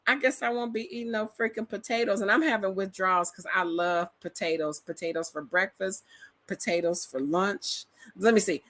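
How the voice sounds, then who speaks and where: A bright, forward voice from a middle-aged Detroit woman with an African American accent. She vlogs in a loose, emphatic, storytelling way, slangy and full of personality. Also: medium pitch, steady tone, normal speed. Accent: African American Vernacular English, Detroit. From metropolitan Detroit, USA. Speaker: vlogger. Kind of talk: casual reaction chat to camera.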